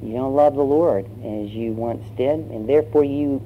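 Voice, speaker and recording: A man's voice: medium pitch, moderate pace. Male pastor, conversational storytelling sermon; muffled recording, faint hum. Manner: conversational storytelling with fillers and acted voices.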